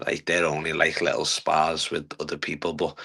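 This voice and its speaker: Young man, guest fighter; very low, flat, bright-edged voice; earnest, hesitant delivery. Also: gravelly, slightly rough. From England. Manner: earnest, halting with many fillers. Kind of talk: casual interview talk.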